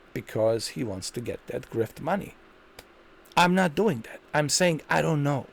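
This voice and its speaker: Guy ranting on his channel, mad, says the same thing over and over. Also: mid-range voice. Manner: indignant, repetitive, emphatic. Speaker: commentary channel host. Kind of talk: ranting video commentary.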